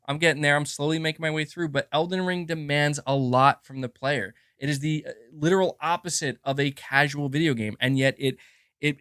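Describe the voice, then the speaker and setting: A man live-streaming from home, his fairly high voice rambling on with real emphasis and tripping over restarts as he builds his argument. His desk mic gives a dry, close sound with no room echo. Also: fairly bright tone, clean tone. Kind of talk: casual livestream monologue. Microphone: desk mic with adjustable gain.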